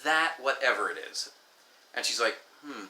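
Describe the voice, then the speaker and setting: Animated, sharp-voiced ranting man. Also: medium pitch, normal speed. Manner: exasperated, profane, acts out quoted exchanges. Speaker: vlogger. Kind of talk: ranting storytelling to camera. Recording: echoey room.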